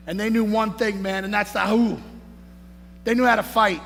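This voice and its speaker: A man giving a hyped-up motivational speech as a conference speaker on stage, shouting and peppering his lines with "man" and "baby". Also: high-pitched, steady tone, normal speed, gravelly, long pauses. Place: large conference hall on stage. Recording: echoey hall, faint noise.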